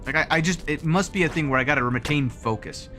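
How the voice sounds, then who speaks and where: A man streaming a game live, joking and mocking himself with quick outbursts. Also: a little high, sharp tone. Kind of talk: live gameplay commentary. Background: game music.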